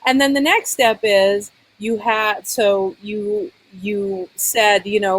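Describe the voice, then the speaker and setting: A woman's voice: medium pitch, measured pace, few pauses, a little hiss or hum, rough recording. A woman talk-show coach, earnestly guiding a caller and acting out example lines. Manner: earnest, role-plays apologies to demonstrate. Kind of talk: coaching conversation.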